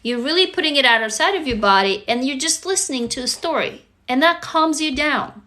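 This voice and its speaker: A woman's voice: sits high, expressive, a little fast, pushed and bright. A woman from Russia, a native Russian speaker, earnestly coaching viewers on a live stream and often checking whether they follow. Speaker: livestream host and author. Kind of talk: casual live-stream talk. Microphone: phone.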